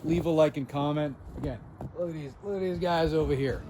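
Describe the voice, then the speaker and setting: A man's voice: a little high, a little fast, mellow, soft background music. A young man hosting a self-help video, telling a story from his own working life in a chatty, self-mocking way. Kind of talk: casual storytelling to camera.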